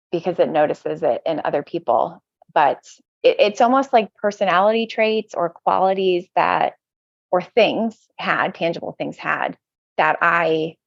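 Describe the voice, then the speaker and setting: Lady guest on a podcast, gravelly lowish voice, halting and searching for words, kinda muffled dry sound. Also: dry recording. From United States. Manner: hesitant, self-searching, frequent restarts. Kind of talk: reflective conversational interview. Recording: slightly dull lo-fi audio.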